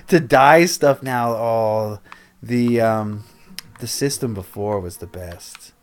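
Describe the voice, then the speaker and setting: A man's voice: mid-range voice, lively intonation, a little slow. Rambling male game streamer. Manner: rambling, self-interrupting, chuckles at chat. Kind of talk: casual game-building livestream chat.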